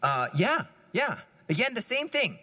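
Lively, bright-voiced preacher in a church. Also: male voice, sits high, unhurried, big-room sound. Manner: conversational, lively, often laughing. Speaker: priest. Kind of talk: homily.

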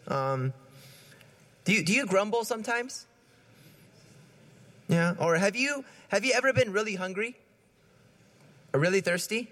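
A man's voice: high voice, lively intonation, normal speed, long pauses, sharp tone. A man giving a conversational homily, asking his listeners questions and often repeating his words as he goes. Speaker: preacher.

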